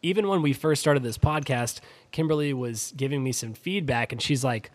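A man's voice: mid-range voice, normal speed, hardly any pauses. A man co-hosting a podcast in casual chat, rambling with many fillers and letting his volume fall off at the ends of phrases. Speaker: podcast co-host.

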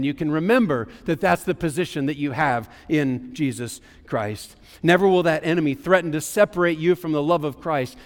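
A man preaching a sermon as pastor, emphatic and declaring, slowing down on key lines. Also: fairly high pitch, in a large hall.

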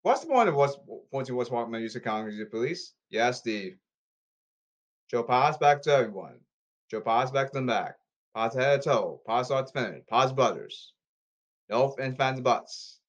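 Man rambling commands, lively pitch. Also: normal speed, highs cut off. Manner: repetitive, issuing commands and calls. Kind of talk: rambling monologue.

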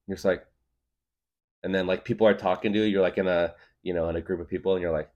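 A man's voice: low voice, fairly even intonation, fast talker, pauses often, darkish tone. A young man hosting a podcast, rambling through a loose, jokey comedic monologue and laughing often. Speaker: podcast host.

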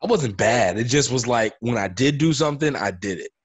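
A man's voice: medium pitch, animated, brisk, husky. A man from New York with a New York accent, chatting casually with playful slang. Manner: laid-back, playful slang, repeats "listen". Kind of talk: casual chat.

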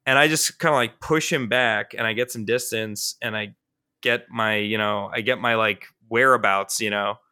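A young man tells a story on a casual podcast, his voice bright and forward. He talks in an animated way, piles up fillers and swears freely. The recording is dry and close. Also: on the low side, moderate pace, clean tone, no echo. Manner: animated and profane, with frequent fillers. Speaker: podcast co-host.

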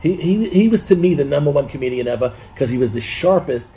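A man's voice: a little high, expressive, fast, warm tone, rough recording. A man reminiscing on a podcast, animatedly retelling jokes and acting out quoted dialogue.

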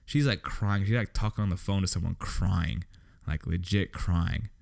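A man's voice: low-pitched, normal speed, gravelly, a little mellow. A young man hosting a solo podcast, telling a story in a profane, exasperated way. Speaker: podcast host. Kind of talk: casual solo podcast rant.

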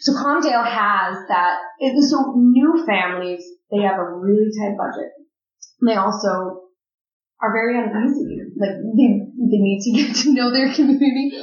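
A woman's voice: mid-range voice, moderate pace. A woman hosting a casual interview chat. She talks freely, laughs often and asks follow-up questions. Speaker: podcast host. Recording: roomy, slightly dull recording.

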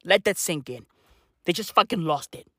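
A woman's voice: fairly low pitch, lively intonation, normal speed, husky, no room sound, clean studio sound. A woman, a podcaster, ranting casually with lots of swearing and slangy repetition. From South Africa.

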